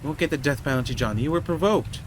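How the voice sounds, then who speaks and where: A man voicing a calm male detective who talks a suspect down in a steady, reassuring way. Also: on the high side, fast, slight background noise, natural voice, rough recording. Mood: persuasive. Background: game music and rain.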